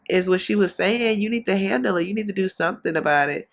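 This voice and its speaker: A woman's voice: medium pitch, brisk, gravelly, hardly any pauses, fairly bright tone. Blunt gossipy woman commentator. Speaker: reaction commentator. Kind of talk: casual commentary on a reality show.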